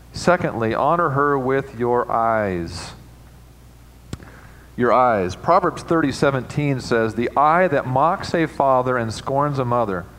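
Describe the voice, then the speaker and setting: A man preaching as a pastor, moving from quiet reflection to emphatic, rising passages with playful asides. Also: medium pitch, a little hiss or hum, low-quality recording. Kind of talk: sermon. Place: church sanctuary.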